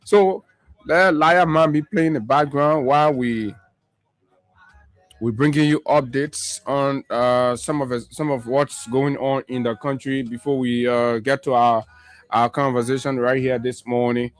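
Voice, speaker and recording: A man's voice: medium pitch, steady tone, measured pace. A man hosting a call-in morning show and giving political commentary. He talks emphatically, repeats phrases and fires off rhetorical questions.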